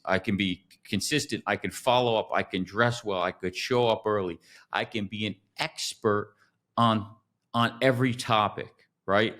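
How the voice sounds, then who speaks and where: A man hosting a business podcast, telling stories in an animated way and acting out quotes. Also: fairly low pitch, normal speed. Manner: animated storyteller, acts out quotes. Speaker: podcast host. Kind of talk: casual storytelling chat.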